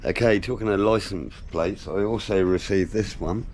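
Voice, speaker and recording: Very deep-voiced man, chatty. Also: normal speed, a little mellow, slight background noise. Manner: chatty, jokey, explains while working. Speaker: car builder vlogger. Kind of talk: casual workshop commentary. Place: home workshop.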